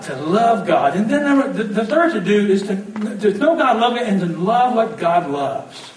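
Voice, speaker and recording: A man preaching a sermon in a church, joking and leading the congregation in call-and-response. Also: sits high. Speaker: pastor. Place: church hall. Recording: echoey hall, mic at a distance.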